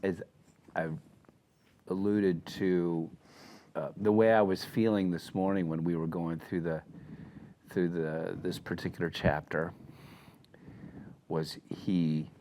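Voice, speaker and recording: A man co-hosting a casual talk, speaking in a slow, halting, reflective way with many restarts. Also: deep voice, flat delivery, warm tone, a little hiss or hum. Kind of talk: casual discussion.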